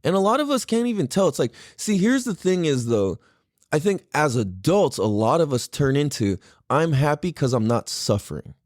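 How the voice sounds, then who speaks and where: A man in his thirties hosting a podcast, talking in an excitable, rambling way and swearing freely. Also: on the high side, moderate pace, no room sound, studio quality. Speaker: podcast host. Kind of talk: casual solo podcast talk.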